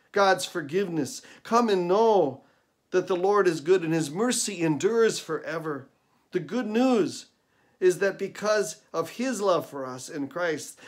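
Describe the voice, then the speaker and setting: Earnest male pastor preaching a sermon. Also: on the high side. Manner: earnest, emphatic preaching with repetition. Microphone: recorded devotional video.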